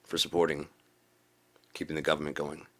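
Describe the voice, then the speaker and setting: A man giving a profane political rant in a video blog, repeating himself and rising into preachy shouting. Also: a bass voice, little pitch movement, a little fast. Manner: swearing, repetitive, builds to preachy shouting. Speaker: video blogger.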